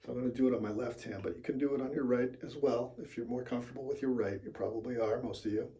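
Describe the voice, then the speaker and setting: A man with a mid-range voice walks through a drumming technique in a casual lesson. He explains step by step in a loose, relaxed way, often pausing with fillers as he demonstrates. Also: medium pitch. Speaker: drum teacher.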